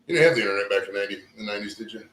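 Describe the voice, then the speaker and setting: A man's voice: on the low side, racing, pushed and bright, slight background noise. A man in his forties hosting a casual, joking podcast chat, rambling on. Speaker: podcast host. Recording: echoey room.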